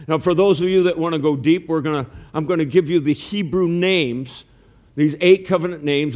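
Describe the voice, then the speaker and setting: A man pastor preaching a sermon in a church, earnest and animated, sometimes acting out calls to his flock. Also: a little high. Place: church sanctuary.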